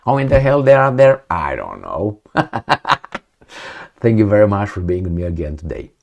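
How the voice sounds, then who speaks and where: A man's voice: fairly low pitch, very animated, normal speed, gravelly, darkish tone. A man hosting his own commentary show, talking in a sardonic, lecturing way with mocking asides and rhetorical questions. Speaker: political commentary host. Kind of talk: casual opinion monologue.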